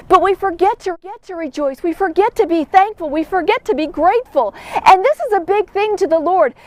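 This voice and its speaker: A woman's voice: very high-pitched, expressive, fairly quick, no room sound. A woman giving a Bible devotional, talking earnestly and acting out the quoted voices in her story. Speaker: devotional teacher.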